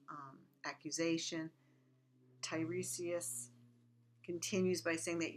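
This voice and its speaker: A woman with a notably low voice lectures on a text in a relaxed, conversational way. She reads quoted lines aloud, then drops into quick, chatty commentary. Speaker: literature teacher. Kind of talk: casual recorded lecture.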